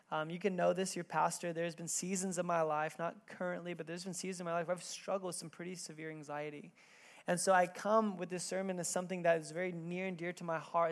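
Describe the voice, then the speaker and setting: Animated male pastor telling a story. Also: high voice. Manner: animated storytelling, acts out quotes with raised voice. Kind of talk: sermon with personal story. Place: church.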